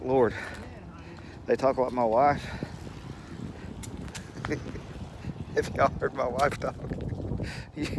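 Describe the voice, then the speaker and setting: A man telling a rambling, folksy story to the camera and chuckling as he goes, recorded at home with a faint hum behind him. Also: medium pitch. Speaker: channel host.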